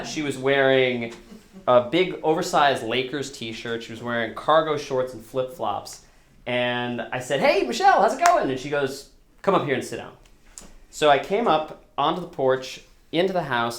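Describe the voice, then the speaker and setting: A man's voice: mid-range voice, unhurried, a bit bright, echoey room. A man telling a personal story live, in a casual, self-deprecating way, acting out the dialogue as he goes. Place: small live storytelling venue.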